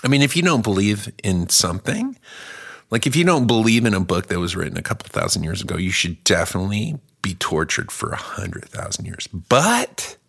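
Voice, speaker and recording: A man performing a rambling stand-up comedy bit, acting out little voices and swinging from mumbles to shouts. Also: fairly low pitch, lively intonation, fairly quick, creaky, slightly rough.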